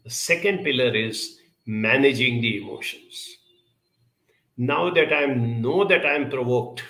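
Brief: male counsellor with a gravelly, bright voice, earnest and advisory, some hesitations, echoey room. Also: mid-range voice. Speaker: counsellor giving a talk. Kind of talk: talk answering audience questions.

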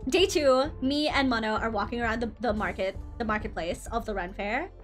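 A woman's voice: a little high, fairly quick, faint music behind. A woman VTuber from the Philippines telling a rambling, swearing story with lots of fillers and self-corrections. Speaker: VTuber streamer. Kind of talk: casual storytelling.

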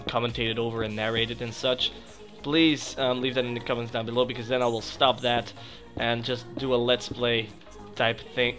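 A young man commentating a video game he is playing, chatting to viewers and yelping loudly whenever something goes wrong. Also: medium pitch. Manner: excitable, yelps and shrieks when startled. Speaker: gaming channel host. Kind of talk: let's play commentary.

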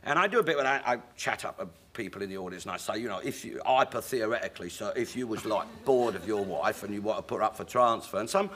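Bright english guy spinning funny stage stories, jumps into voices. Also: fairly low pitch, fast, few pauses, slightly rough. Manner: lively raconteur slipping into character voices. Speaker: talk show guest, comic actor. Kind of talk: anecdotal chat show storytelling.

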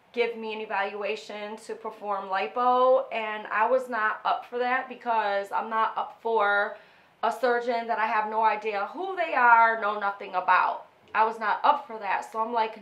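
A woman's voice: medium pitch, fairly bright tone, roomy sound. A young woman vlogger telling a personal story in a casual, emotional, rambling way, full of "like" and restarts.

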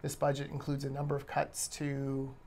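Gravelly-voiced man co-hosting. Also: mid-range voice, completely flat delivery, moderate pace, darkish tone. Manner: conversational, pointed commentary. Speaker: podcast co-host. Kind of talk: casual discussion podcast.

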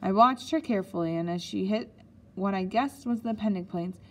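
Woman audiobook reader, relaxed storybook narration. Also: medium pitch. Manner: unhurried reading with small slips.

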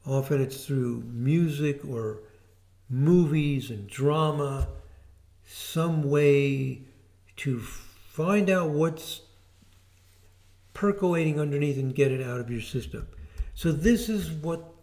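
A man giving an informal video lesson as an astrology teacher, explaining in a relaxed way with fillers and restarts. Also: a little high, slow pace, pauses often.

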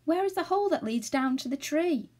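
A woman reading aloud and voicing a gentle, worried little fairy girl. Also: sits high, animated, fairly quick, pitched above the performer's own voice. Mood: anxious. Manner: anxious and soft-hearted.

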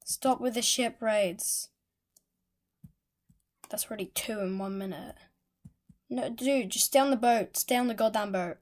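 A woman giving live gameplay commentary, excitable and exasperated, ranting at the game. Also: a little high, measured pace, pauses often. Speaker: gamer. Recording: loud game music behind the voice. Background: loud game music.

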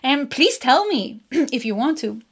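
Woman, tarot reader, chatty, laughs a lot, slightly high voice. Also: very animated, measured pace, slightly rough. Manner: chatty, laughs often, repeats phrases. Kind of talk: casual pick-a-card tarot reading.

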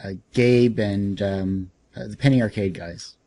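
A man's voice: lowish voice, fairly even intonation, a little slow, mellow. A young man hosting a comics podcast interview, talking casually with lots of fillers and restarts. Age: young adult. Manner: hesitant, many fillers and restarts. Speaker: podcast host.

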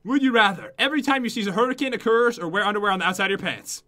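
A young man in casual, playful gaming chat as co-host, goofy and quick to laugh. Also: high-pitched, bright, forceful tone.

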